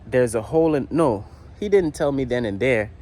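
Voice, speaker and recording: A man's voice: medium pitch, expressive, moderate pace, a little mellow. A man from the Virgin Islands telling a rambling, slangy story in a casual vlog while working in his garage. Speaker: motorcycle builder. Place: home garage.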